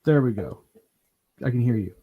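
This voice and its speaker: A man's voice: medium pitch, lively intonation, normal speed, phone-quality sound, a little hiss or hum. A man hosting a casual talk show, chatting loosely with many fillers and restarts. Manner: rambling, lots of fillers and restarts. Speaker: podcast host. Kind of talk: casual chat.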